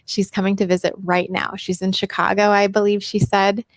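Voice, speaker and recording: Middle-aged woman host, chatty live-stream Q&A, dry close mic, mid pitch. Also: little pitch movement, normal speed, dry recording. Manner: chatty and upbeat, greets viewers by name. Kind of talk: casual live Q&A chat. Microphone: personal microphone.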